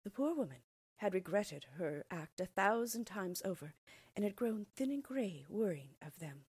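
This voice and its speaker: Breathy woman reading a fairy tale. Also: medium pitch, sing-song, moderate pace, darkish tone, no room sound. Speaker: storyteller. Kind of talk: fairy tale read aloud.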